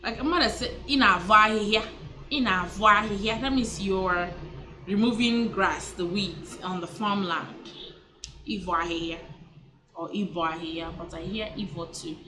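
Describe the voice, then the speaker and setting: A woman teaching words in a casual vlog lesson, repeating each word and correcting herself as she goes. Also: mid-range voice. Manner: repeats words slowly, self-correcting, chatty. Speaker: language teacher.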